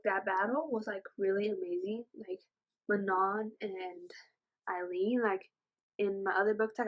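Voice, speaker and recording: A young woman excitedly reviewing a fantasy novel on her book channel, rambling and gushing with lots of fillers. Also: mid-range voice, poor audio. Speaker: book vlogger.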